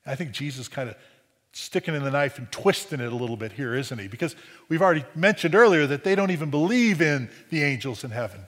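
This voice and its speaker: A man's voice: medium pitch, expressive, fast talker, a bit bright, in a large hall. A man preaching a sermon in a conversational way, often asking "right?" and restarting phrases, with dry humor. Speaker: pastor.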